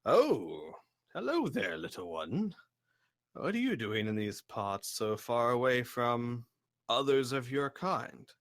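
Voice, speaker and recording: A man voicing a jolly blue giant with a booming but pleasant, polite voice. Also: big pitch swings, takes it slowly, a bit bright, heavily acted.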